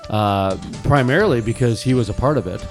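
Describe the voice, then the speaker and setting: A man's voice: medium pitch, a little fast, music in the background. A man hosting a morning talk radio show, chatting casually and giving his opinions with frequent restarts.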